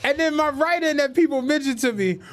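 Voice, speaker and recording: Animated laughing man telling stories. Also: very high-pitched, a little fast, a crowd in the background. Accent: Philadelphia. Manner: animated, laughing storyteller doing quoted voices. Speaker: podcast co-host. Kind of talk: casual chat, storytelling.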